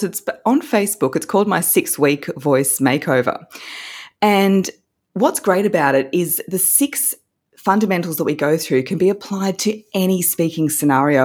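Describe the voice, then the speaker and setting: A woman's voice: low-pitched, a little mellow, husky. A woman, a voice coach, explaining her course in an upbeat, instructive way as an interview guest. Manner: upbeat, instructive, demonstrates vocal techniques.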